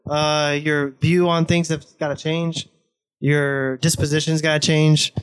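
A man's voice: fairly high pitch, level tone, measured pace, clear, resonant tone. A young man in casual chat on a podcast, blunt and pushy, swearing freely as he argues his point. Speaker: podcast guest, host's best friend.

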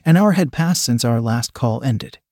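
A man's voice: medium pitch, expressive, normal speed, a little mellow, dry recording, clean studio sound. Man narrating a first-person story.

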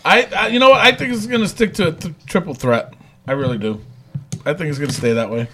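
A man's voice: a little high, fast talker, noisy background. A man with a New York accent co-hosting a podcast, emphatic and laughing often in casual chat. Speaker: podcast co-host.

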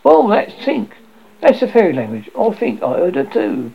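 Reader's take on a cocky storybook boy, bouncy and eager, husky gravelly tone, muffled lo-fi sound. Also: medium pitch, huge pitch swings, moderate pace, slight background noise, pitched above the performer's own voice. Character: boastful boy hero, lively and cocky. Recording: dull lo-fi recording.

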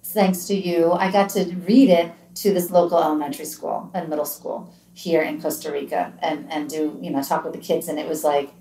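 A middle-aged woman with a low, mellow voice talks earnestly and encouragingly, often restarting her phrases. She sounds distant from the microphone, in an echoey room. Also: fairly even intonation, brisk, gravelly, few pauses, a little hiss or hum. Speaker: podcast guest, author. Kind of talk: conversational interview.

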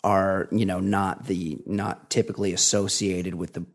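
A man's voice: sits low, flat delivery. A man co-hosting a podcast, musing aloud in casual chat with many hesitations. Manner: rambling, hesitant, drawn-out musing. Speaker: podcast co-host.

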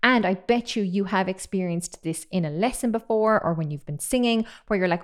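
A woman's voice: medium pitch, brisk, hardly any pauses. A woman in her thirties teaching a singing lesson in an enthusiastic, chatty way. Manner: enthusiastic, chatty, demonstrates sounds. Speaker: singing voice coach. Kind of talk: vocal technique lesson.

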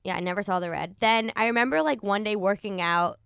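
A woman's voice: medium pitch, quick pace, gravelly, fairly bright tone, clear, resonant tone, dry recording, clean studio sound. A woman in her early twenties, a podcast host, telling a personal story in a rambling casual way, full of "like" and quoted thoughts. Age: early 20s. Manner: rambling, lots of likes and quoted inner thoughts.

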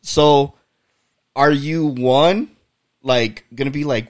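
A man's voice: mid-range voice, takes it slowly. A man in a mid-range voice hosts a casual podcast chat. He leads with questions, swears casually and laughs easily. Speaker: podcast host.

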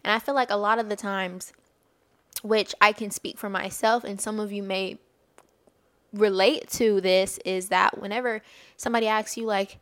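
A woman's voice: medium pitch, normal speed, fairly bright tone, no echo. A woman hosting a podcast, giving an earnest, faith-based talk of encouragement and often laughing mid-sentence. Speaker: podcast host.

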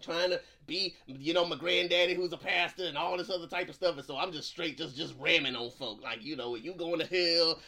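A man in his thirties hosts a casual conversation about faith, telling his own story with animated energy. His voice is bright and sits a little high for a man, and he keeps affirming his guest. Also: a little fast, creaky, hardly any pauses. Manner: animated storyteller, lively laughs, encouraging affirmations. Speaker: podcast host. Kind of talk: casual chat.

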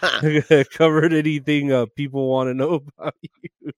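A man hosts an interview in a smooth, resonant voice. He rambles and giggles, trailing off into crude tangents. The sound is dry and close to the mic. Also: a little high, little pitch movement, moderate pace, dry recording. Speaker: interview host. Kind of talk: casual interview chat.

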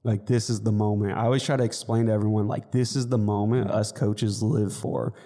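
A man's voice: lowish voice, fairly even intonation, fairly quick, warm tone. A man co-hosting a fitness podcast, talking earnestly in a casual, rambling way with many restarts. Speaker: fitness coach, podcast co-host.

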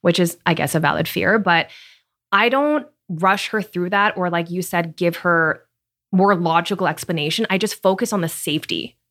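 A woman co-hosting a podcast in casual conversation, speaking in a gentle, earnest and affirming way. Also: lowish voice, moderate pace. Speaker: podcast co-host.

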